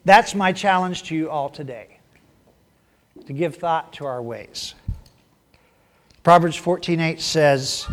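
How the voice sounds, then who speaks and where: A man's voice: fairly high pitch, slow, long pauses, fairly bright tone. A man preaching a sermon, who tells a folksy animal story in down-home speech. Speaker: pastor.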